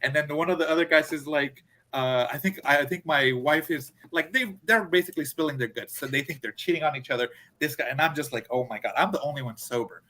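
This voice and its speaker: A man telling a story in a casual chat, animated, acting out his friends' lines. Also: on the high side, fast talker. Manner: animated, acts out friends' quotes. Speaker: podcast co-host.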